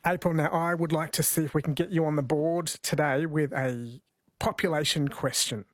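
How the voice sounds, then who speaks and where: A man's voice: fairly high pitch, fairly even intonation, normal speed, no room sound. A man hosting live radio, reading out listener texts and running a phone quiz in a chatty way. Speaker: radio host.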